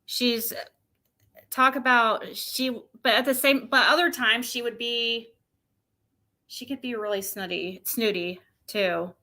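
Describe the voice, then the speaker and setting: A woman's voice: fairly high pitch, fairly even intonation, takes it slowly, bright, forceful tone. A woman streamer chatting casually to her viewers, rambling, with many restarts. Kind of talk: casual chat.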